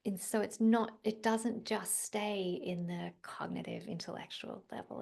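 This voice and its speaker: Soft-spoken Australian woman, gravelly and husky. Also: medium pitch. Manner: gentle, reflective, often dropping to a near-whisper. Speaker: guest psychologist. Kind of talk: conversational podcast interview.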